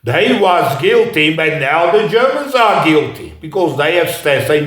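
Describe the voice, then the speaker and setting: A man with a somewhat raised pitch lectures off the cuff, stopping often to search for words and restarting his sentences. His voice rings around a reverberant room. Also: big pitch swings, fairly bright tone. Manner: halting, with frequent "uh" pauses and restarts. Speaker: speaker giving a talk. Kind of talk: unscripted lecture. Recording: echoey room.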